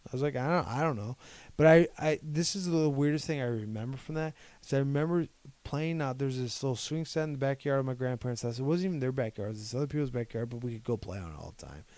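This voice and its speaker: A man's voice: mid-range voice, fast talker, a little mellow, no echo. A young man from Ohio co-hosting a podcast, telling a long personal story in a rambling way and quoting what other people said. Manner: rambling, retells events by quoting people's words. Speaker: podcast co-host. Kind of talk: casual chat, personal storytelling.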